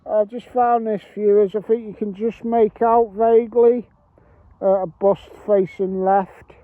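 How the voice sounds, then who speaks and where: A middle-aged man with a notably high voice, rambling and joking as he talks to his viewers. He is recorded outdoors in open fields while he goes metal detecting. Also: level tone, measured pace, no room sound, narrow, tinny audio. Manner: jokey, rambling, addresses viewers. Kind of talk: casual chat to camera.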